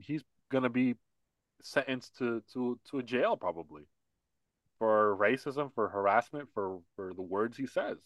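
A man's voice: fairly low pitch, no echo. A man co-hosting a casual political podcast, talking in a heated, repetitive rant. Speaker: podcast co-host.

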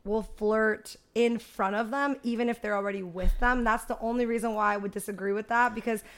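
A young woman co-hosting a podcast in easy, casual chat. Her voice is a little higher than most, and she talks frankly and asks direct questions. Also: fairly even intonation, brisk, clean tone. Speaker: podcast co-host.

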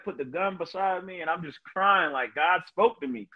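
A man's voice: sits high, normal speed, hardly any pauses, narrow, tinny audio. A man, a veteran, telling his personal story in an earnest, emotional way as a podcast guest, often saying "you know". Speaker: guest, Marine veteran and motivational speaker.

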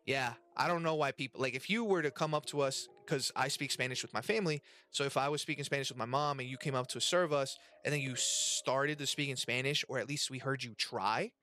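A man hosting a casual podcast chat, animated and profane, with lots of slang. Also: mid-range voice, brisk, few pauses. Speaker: podcast host and restaurant worker. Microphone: webcam and desk mic.

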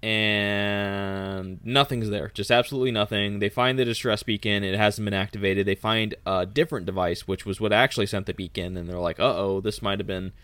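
A man's voice: on the low side, fairly even intonation, normal speed, few pauses, a bit bright, clear, resonant tone, no room sound. A man from Texas co-hosting a podcast, summarizing a book casually, easygoing, with stammering restarts. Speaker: podcast co-host.

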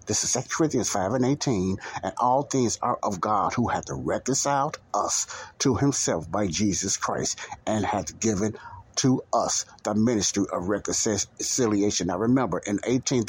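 A man's voice: on the low side, breathy edge, no room sound. A man hosting a bible teaching podcast, talking emphatically, repeating points and asking the listener rhetorical questions. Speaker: podcast preacher.

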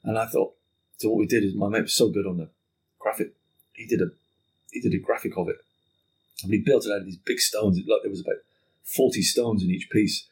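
A man guest on a podcast, telling a story in casual conversation, animated and swearing freely while acting out what people said. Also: on the low side, a little fast, pauses often, slightly rough.

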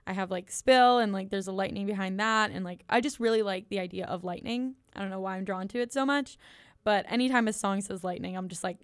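Young woman rambling about songs, lots of likes and ums, smooth clear voice, dry close sound. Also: medium pitch, a little fast, no room sound. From United States. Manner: chatty, lots of ums and likes, giggly asides. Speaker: podcast co-host reviewing an album. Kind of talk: casual chat.

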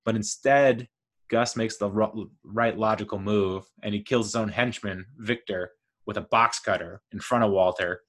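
Lowish-voiced man ranting on a podcast. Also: normal speed. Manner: enthusiastic, rambling, lively storytelling. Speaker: podcast host. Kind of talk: solo podcast monologue.

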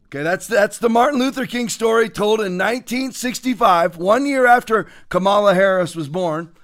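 Mocking high-voiced male commentary host. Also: normal speed. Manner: mocking, sarcastic, laughs often. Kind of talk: political commentary show.

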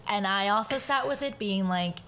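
Animated woman telling a family story. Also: medium pitch, normal speed, background noise. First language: bilingual, speaks Spanish at home. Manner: animated, quotes family members, swears casually. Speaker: podcast guest. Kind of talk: casual conversational storytelling.

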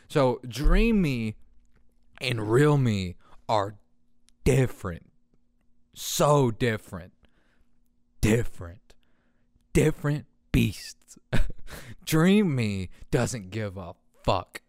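A man in his early twenties hosting a podcast, telling a story in a casual, profane, animated way and laughing often. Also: on the high side, takes it slowly, no room sound, clean studio sound. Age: early 20s. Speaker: podcast host.

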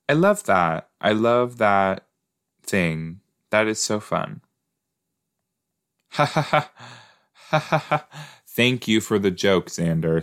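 A man's voice: sits low, fairly bright tone. A man hosting a podcast, giving casual, playful reaction commentary while watching a show and laughing easily. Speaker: podcast host.

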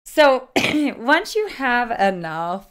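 A woman psychic guest in casual chat, telling stories in a lively way and acting out what people said. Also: fairly high pitch, very slow, clean tone. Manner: lively storyteller, acts out quotes.

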